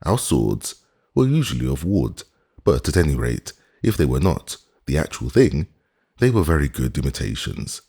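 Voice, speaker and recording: A man reading aloud plays a proud wig maker in a storybook, who fawns on his client and gossips with theatrical sighs. The voice is very deep and husky, and it rises and falls in a lively way. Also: normal speed, exaggerated voice. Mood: fawning. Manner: fawning, theatrical, chatty. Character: fussy old-regime male wig maker, proud and gossipy.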